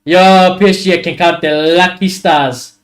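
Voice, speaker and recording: Excitable high-voiced man. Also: unhurried. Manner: excitable, swears freely, reacts loudly to play. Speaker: watchalong host. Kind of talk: live football watchalong commentary.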